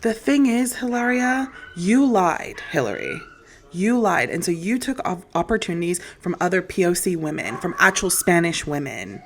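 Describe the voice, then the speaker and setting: Woman, podcast host, low voice, lively swooping delivery, sassy, incredulous. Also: moderate pace, a little hiss or hum. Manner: sassy, incredulous, talks straight to her audience. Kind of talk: solo commentary podcast.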